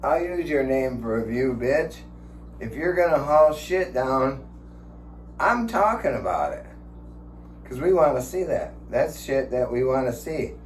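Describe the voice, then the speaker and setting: A man's voice: medium pitch, lively intonation, measured pace. Rambling, profane man in his sixties. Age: 60s. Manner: profane, chuckling storyteller. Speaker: vlogger. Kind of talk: rambling casual vlog. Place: his home. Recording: echoey room with faint hum.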